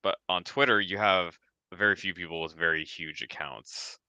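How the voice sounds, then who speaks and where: A man chatting casually in a group, lively and talkative, with lots of filler words. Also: deep voice, normal speed, clear, resonant tone, no room sound.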